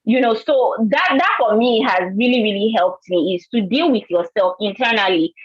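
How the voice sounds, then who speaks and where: A woman's voice: mid-range voice, expressive, moderate pace, breathy edge, no echo. Earnest Nigerian woman, slightly muffled. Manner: earnest, storytelling, repeats words. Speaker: panelist. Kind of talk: panel discussion.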